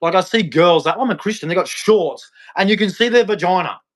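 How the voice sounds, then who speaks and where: A man's voice: sits high, animated, a little fast. A man, ranting about faith straight to camera in a repetitive, heckling, preachy way. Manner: repetitive, heckling, challenging the listener. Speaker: vlogger. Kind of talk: preachy religious rant to camera.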